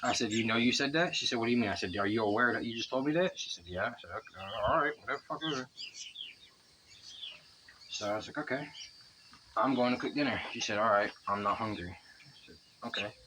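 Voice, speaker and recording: By the water outside, a young vlogger rambles through a lengthy story, swearing liberally in a chatty way. He speaks fairly quickly at a medium pitch, expressive and pausing often, against a noisy background.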